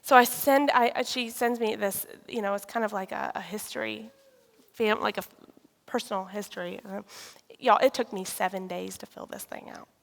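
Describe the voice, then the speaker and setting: A woman giving a personal testimony, telling her story in a lively way and acting out conversations. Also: medium pitch, moderate pace, vocal fry. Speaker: speaker sharing a personal testimony. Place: church sanctuary. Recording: reverberant hall.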